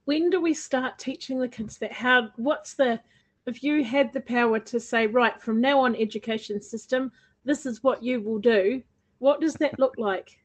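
A woman hosting a radio interview, asking measured, thoughtful questions. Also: on the high side, rough recording. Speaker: radio show host.

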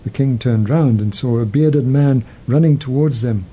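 A man hosting a show, narrating a story in a measured, gentle way. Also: mid-range voice, slightly rough, low-quality recording. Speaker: host.

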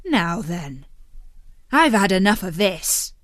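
A woman voicing a bold, greedy young male soldier in a read-aloud storybook, speaking briskly and commandingly, a little higher than her narration. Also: big pitch swings, no room sound, studio quality. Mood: cocky.

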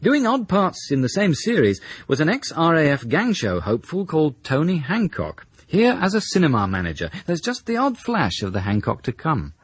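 A radio presenter introducing old comedy clips with dry, wry scripted narration. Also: male voice, on the high side, huge pitch swings, moderate pace, hardly any pauses, breathy edge.

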